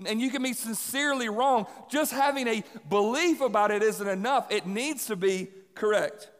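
A young adult man preaching a sermon in a casual, energetic way, repeating key lines for emphasis. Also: very high voice, moderate pace. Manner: energetic, conversational, emphatic repetition. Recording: long hall reverb.

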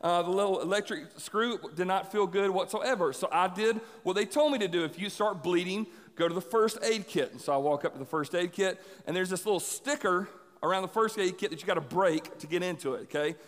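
Male pastor, higher-pitched voice, lively storytelling sermon, long church reverb. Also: a little fast. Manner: animated storyteller, acts out voices. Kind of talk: sermon with personal stories.

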